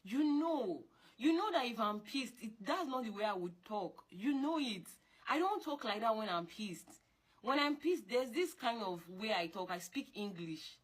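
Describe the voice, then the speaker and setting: A young woman, talking in an animated, scolding way, repeating her points and jumping up in pitch when she insists. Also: moderate pace. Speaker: girlfriend in a couple argument. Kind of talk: casual heated monologue.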